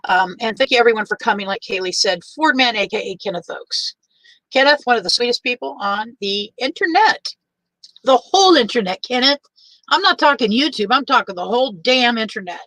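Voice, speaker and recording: An older woman hosting a casual livestream. She greets each viewer by name in a warm, chatty way and is teary. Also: a little high, expressive, a little fast, no echo, rough recording.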